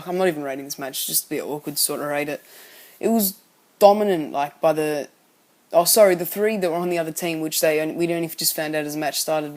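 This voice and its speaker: A man giving a casual spoken recap of a wrestling show, rambling and often correcting himself as he goes. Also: on the high side. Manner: rambling, frequently self-correcting.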